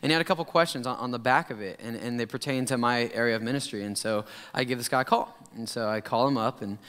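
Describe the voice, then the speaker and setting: A man's voice: medium pitch, fast talker, smooth. A young adult male pastor giving a casual, chatty sermon with slang and loose storytelling. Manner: relaxed, chatty, laid-back slang. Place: church sanctuary. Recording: long church hall reverb.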